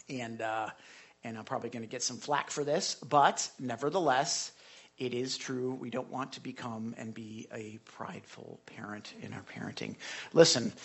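Male pastor, sermon delivery, gravelly and raspy, chatty with hushed asides and loud swells. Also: mid-range voice. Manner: conversational, repeats words, drops to a whisper and swells loud.

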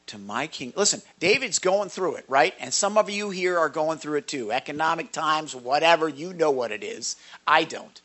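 A man's voice: fairly high pitch, pushed and bright. A male pastor giving a short sermon devotional to a congregation, emphatic and stumbling over repeated words.

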